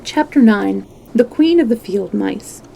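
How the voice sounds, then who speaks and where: A woman reading a children's book aloud in a gentle way, now and then correcting a slip. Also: mid-range voice, animated, unhurried, creaky, slight background noise, low-quality recording. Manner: gentle, with small slips and self-corrections. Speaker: storyteller.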